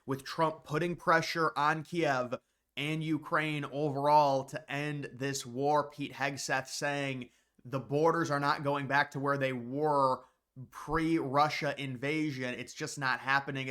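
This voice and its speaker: A man's voice: medium pitch, bright, forceful tone. A man giving opinionated, off-the-cuff political commentary with frequent restarts. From United States.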